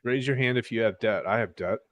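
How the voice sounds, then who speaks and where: A man's voice: on the low side, fast talker. A man hosting a casual podcast, talking candidly and animatedly with frequent restarts. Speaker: podcast host. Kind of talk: casual crypto podcast chat.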